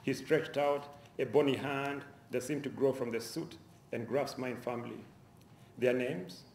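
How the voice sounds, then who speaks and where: A man reads his own crime fiction to an audience in a university lecture hall, measured and steady, now and then restarting a phrase. His mid-pitched voice carries a roomy echo, with a faint hum of the hall behind it. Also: creaky. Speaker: author reading his fiction. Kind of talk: public reading of a novel.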